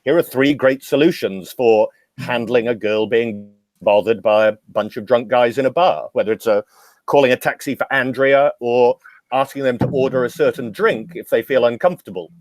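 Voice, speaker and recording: A middle-aged man, a drinks educator guesting on a podcast, telling long anecdotes with wry humor in a relaxed conversational way. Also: mid-range voice, normal speed, no echo. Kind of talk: casual storytelling interview.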